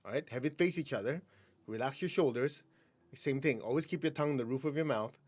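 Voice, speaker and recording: Guest healer, male, mid-pitched, calm instructive guide with easy laughs. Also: fast. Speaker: energy healing teacher, guest. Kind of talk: guiding a breathing exercise.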